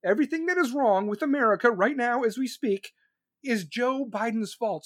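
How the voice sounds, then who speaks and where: A man hosting a podcast, ranting angrily about politics with constant swearing and shouted questions. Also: extremely high pitch, normal speed, no echo, clean studio sound. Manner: profane, furious, shouting questions. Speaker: podcast host. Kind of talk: angry political rant.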